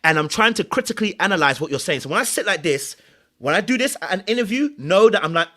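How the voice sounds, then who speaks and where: A man's voice: sits high, lively intonation, quick pace, sharp tone. A man hosting a reaction commentary, animatedly explaining body language in clips and repeating phrases for emphasis. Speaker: host and commentator.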